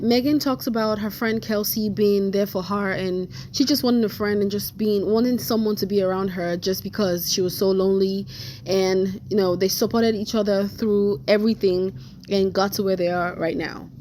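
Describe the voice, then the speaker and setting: Woman doing reaction commentary, mid-pitched voice, chatty, judgmental, talks to the viewers. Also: a little mellow. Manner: opinionated, chatty, addresses viewers directly. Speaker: commentary YouTuber.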